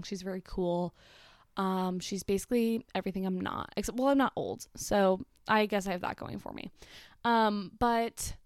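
A woman's voice: mid-range voice, smooth, no echo, clean studio sound. A young adult woman hosting a casual solo podcast, telling a story in a chatty, self-deprecating way with frequent swearing and asides. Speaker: podcast host.

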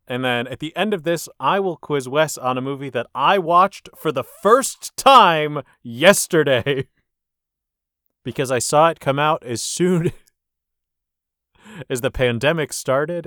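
A man's voice: medium pitch, lively intonation, slow pace, bright, forceful tone, no room sound, studio quality. A man co-hosting a casual comedy podcast, joking and laughing often as he talks. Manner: jokey, laughs often while talking. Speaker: podcast co-host.

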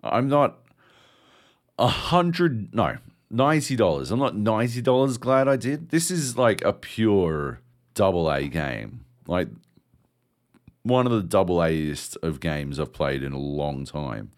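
A man's voice: sits low, unhurried. A man co-hosting a video game podcast, chatting casually and telling stories with plenty of swearing. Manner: profane, animated storytelling. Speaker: podcast co-host. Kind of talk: casual chat about video games.

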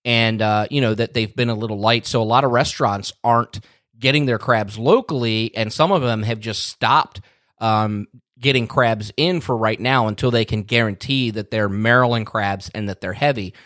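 A man's voice: on the low side, moderate pace, fairly bright tone, no room sound, clean studio sound. A man hosting a casual podcast chat, teasing his co-host in an easygoing way and laughing along.

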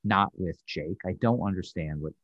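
A man's voice: low voice, normal speed, no room sound, dull audio. A man co-hosting a casual review podcast, recapping scenes in a thoughtful, hesitant way with fillers. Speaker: podcast co-host reviewing a sitcom episode.

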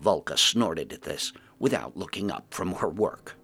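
A man narrating a fantasy story as a storyteller, with lively, expressive narration. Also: deep voice, measured pace, vocal fry, breathy edge.

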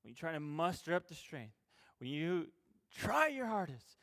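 A youth pastor preaches a sermon in an animated, informal style, swinging from loud emphasis to quiet, self-deprecating asides. His voice is fairly high and gravelly, and he speaks at a normal speed.

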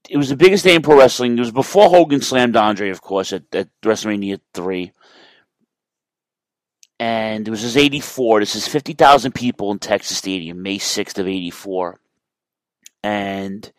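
A man's voice: lowish voice, no room sound, rough recording. A man talking through wrestling history in a casual, rambling monologue, often correcting himself and swearing now and then. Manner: rambling, self-correcting, profane.

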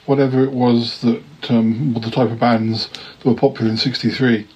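A man's voice: mid-range voice, flat delivery, moderate pace, darkish tone, highs cut off. A man chats casually about old television, hesitating and restarting his sentences. A faint noise and some clicks sit under his voice.

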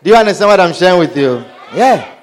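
A male preacher with a high, sing-song voice that swoops up and down as he talks. He preaches with animated energy and keeps checking in with his listeners, asking whether they understand. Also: fast, some chatter behind. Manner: animated, repeatedly asks "Do you understand?". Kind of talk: sermon.

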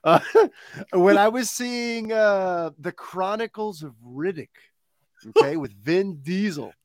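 A man's voice: sits high, slow, no room sound. Chatty man with a dry close sound. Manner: rambling storyteller, chuckles often. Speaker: podcast co-host. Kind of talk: casual chat.

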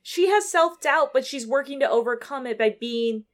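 A woman co-hosting a casual podcast chat, animated and laughing often as she recaps a game. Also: high-pitched. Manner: animated, laughs often, acts out characters in quick voices. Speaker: podcast co-host.

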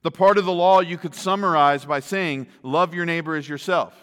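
A man's voice: a little high, normal speed, a bit bright, clean tone, in a large hall. A man preaching a sermon, emphatic and often asking the listeners rhetorical questions.

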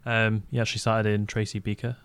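A man from Wales, a guest on a casual podcast chat, good-humoured and quick to laugh. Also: lowish voice, flat delivery, a bit bright, a little hiss or hum. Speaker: podcast guest, film website reporter.

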